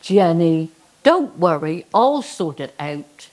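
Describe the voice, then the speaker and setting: A woman voicing the Lord, a kindly booming male god, with slow, reassuring pronouncements. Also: big pitch swings, darkish tone, heavily acted.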